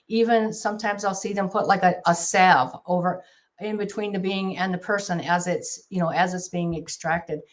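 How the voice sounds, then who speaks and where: A woman speaking as a guest exorcist in a casual interview, earnest and halting with frequent restarts, on a remote video call. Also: mid-range voice.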